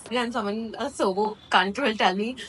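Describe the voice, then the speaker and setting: A woman's voice: fairly high pitch, moderate pace, fairly bright tone, slight background noise, low-quality recording. A woman of about twenty, chatting candidly and rambling to her phone camera in a casual vlog, with plenty of swearing. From India. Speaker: vlogger.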